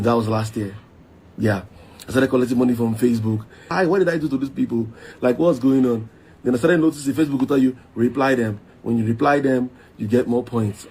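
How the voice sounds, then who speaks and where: A man's voice: mid-range voice, a little mellow, a little hiss or hum. A man making an apology video, speaking hesitantly with many fillers.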